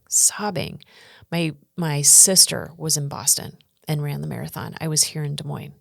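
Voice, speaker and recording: A woman's voice: low voice, moderate pace, gravelly, no echo, studio quality. A middle-aged woman from the United States telling her story earnestly as a podcast guest, acting out what others said. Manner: earnest, animated storytelling with acted quotes. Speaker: guest speaker and coach.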